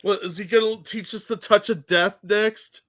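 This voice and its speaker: A man's voice: high-pitched, steady tone, normal speed, fairly bright tone. A man co-hosting a podcast in casual chat, mocking and nerdy, often laughing. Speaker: podcast co-host.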